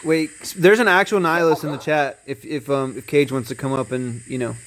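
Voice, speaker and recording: A man's voice: fairly high pitch, fairly even intonation, fairly quick, fairly bright tone, a little hiss or hum, rough recording. A man moderating a casual online debate chat, joking and teasing the others.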